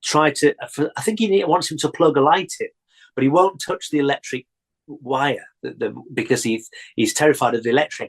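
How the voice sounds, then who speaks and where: A man chats as a guest, retelling old memories with lively relish and frequent laughter. His voice sits at an ordinary middle pitch. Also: brisk, creaky, slightly rough, low-quality recording. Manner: animated storytelling, laughs often. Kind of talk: casual chat.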